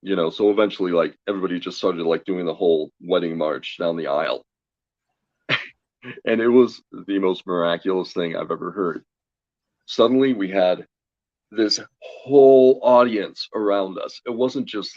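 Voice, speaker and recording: A man's voice: deep voice, a little mellow, no echo, muffled recording. A man, a guest on an interview show, telling a story in a chatty way, laughing often and acting out what people said. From Colorado. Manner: chatty, laughs often, quotes himself and others. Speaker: guest, tarot reader.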